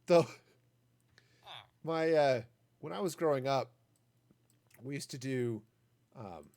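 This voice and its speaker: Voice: medium pitch, darkish tone. A gaming streamer in their forties chatting casually while playing, rambling into asides and silly puns.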